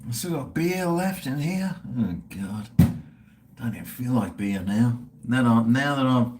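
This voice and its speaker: A man's voice: mid-range voice, animated, measured pace, darkish tone, a little hiss or hum. A middle-aged man with an Australian accent, chatting casually and profanely with livestream viewers while drinking. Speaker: livestream host.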